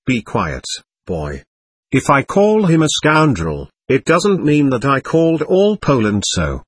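A man reads as an impulsive young woman, tipsy and passionate, begging in a slow, husky voice. The lines swing up and down with feeling. The recording is close and dry. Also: medium pitch, wildly swooping pitch, no room sound, exaggerated voice. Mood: coaxing. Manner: pleading, emotional delivery. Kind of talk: audiobook narration.

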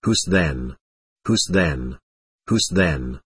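A man's voice: very deep voice, expressive, extremely slow, fairly bright tone, husky, no echo, pitched below the performer's own voice, exaggerated voice. A man voicing an angry, loutish young clerk who keeps repeating himself. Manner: blustering and repetitive.

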